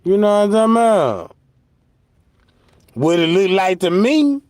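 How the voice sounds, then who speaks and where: A man delivers mocking live commentary, slangy and full of laughter, unhurried, in a voice that sits high for a man. He drops into silly put-on voices for jokes. The sound is close and dry. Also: big pitch swings, darkish tone, no echo. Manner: slips into mock voices for jokes. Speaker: commentary streamer.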